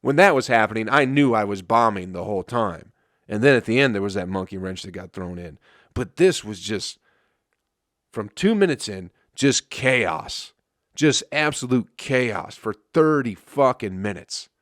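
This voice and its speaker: A man's voice: lowish voice, expressive, a little slow, a bit bright, no room sound. Profane rambling man telling stories, dry sound. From Flint, Michigan. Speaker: comedian podcast host. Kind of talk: casual storytelling monologue.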